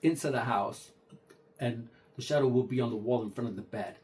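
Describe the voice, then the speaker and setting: A man's voice: medium pitch, fairly quick, darkish tone. A man casually retelling a true ghost story, talking conversationally with frequent restarts and acted-out dialogue.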